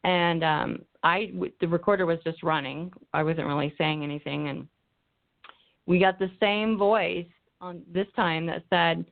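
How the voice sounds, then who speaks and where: A woman's voice: lowish voice, unhurried, gravelly. A woman paranormal investigator telling a story in a rambling way, with many ums and restarts. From Arizona. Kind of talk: casual interview storytelling. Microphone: remote call mic, drifting off-mic. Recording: tinny phone-like call line.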